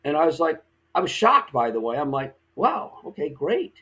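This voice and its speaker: A man with a husky, slightly raised voice tells a story as a podcast guest. He acts out the lines of the people in it with lively energy. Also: on the high side, moderate pace, dull audio. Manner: animated, acts out quoted dialogue. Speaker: guest actor. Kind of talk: casual storytelling.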